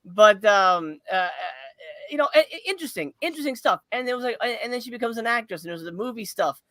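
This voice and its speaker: A podcast host with a bright, forceful voice, rambling through a casual movie review. The delivery is loose and profane, with frequent laughter. The sound is dry and close, with no room echo. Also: mid-range voice, animated, fast talker.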